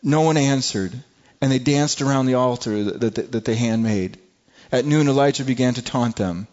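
Rich: a male preacher delivering a sermon at a middle pitch, often repeating and restarting his words as he reads scripture. He puts earnest rhetorical questions to his listeners. The recording is dull and lo-fi. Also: moderate pace, a little mellow.

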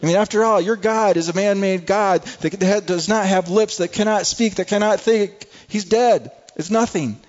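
Rich: a defiant male prophet mocking his rivals, as a preacher puts him on, pitched well above the preacher's own voice and almost shouting. The recording is dull and lo-fi. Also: sing-song, normal speed, big-room sound. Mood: mocking taunt. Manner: mocking, loud and emphatic.

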